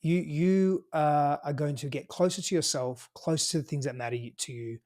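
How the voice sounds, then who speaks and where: A man with an Australian accent, speaking in a slightly higher register than most men. He talks as a podcast guest, casual and emphatic, swearing freely and peppering his points with "you know" and "right?". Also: moderate pace, darkish tone. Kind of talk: casual conversational advice.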